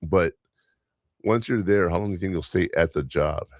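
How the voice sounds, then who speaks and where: Workplace stories come out in a casual, rambling chat from this podcast host, who uses lots of fillers and restarts. He has a deep voice at normal speed, and the studio-quality recording has no echo.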